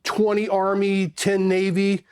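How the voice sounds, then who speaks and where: A middle-aged Marine Corps veteran from California, casually telling stories and animatedly acting out the voices of the people in them. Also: male voice, high-pitched, slow, smooth. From South Pasadena, California. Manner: animated, acts out voices in his anecdotes and laughs often. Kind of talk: casual storytelling.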